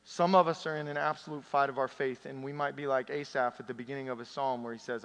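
A man's voice: mid-range voice, fairly even intonation, fast. Passionate man preaching in a hall. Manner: passionate, rising to loud peaks then dropping soft and intimate. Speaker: pastor. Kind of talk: sermon. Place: church sanctuary.

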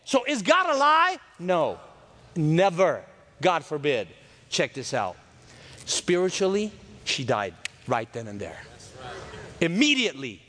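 A man preaching a lively sermon, swinging from shouts to hushed tones and acting out the voices in the story. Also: a little high, takes it slowly, pauses often. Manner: animated, swings between loud and hushed, acts out voices.

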